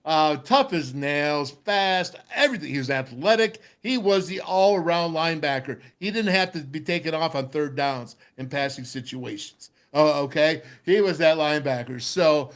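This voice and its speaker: A middle-aged man hosting a sports talk show, telling a lively football story and acting out voices. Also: a little high, normal speed, hardly any pauses. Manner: animated storyteller, acts out voices, laughs often. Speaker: radio show host, former football player.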